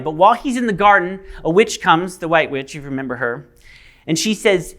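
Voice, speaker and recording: A man's voice: a little high, normal speed, a bit bright. A male pastor giving a sermon, telling a story casually with fillers.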